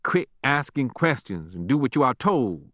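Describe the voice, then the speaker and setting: A male narrator voicing a stern, sharp-tongued elderly grandmother who scolds curtly. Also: medium pitch, sing-song, moderate pace, no echo. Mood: scolding. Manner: scolding, curt.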